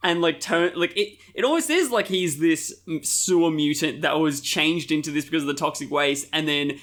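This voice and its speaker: A man's voice: fairly high pitch, moderate pace, a bit bright. A man co-hosting a podcast, thinking aloud in casual chat, often restarting and repeating words. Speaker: podcast co-host. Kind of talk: casual chat reviewing a film.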